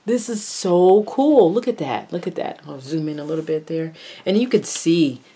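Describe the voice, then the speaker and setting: Low-voiced woman gushing over a craft haul. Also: sing-song, normal speed, breathy edge. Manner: gushing, exclaiming over each item, drops into soft murmurs. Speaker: craft vlogger unboxing a haul. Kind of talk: casual unboxing narration.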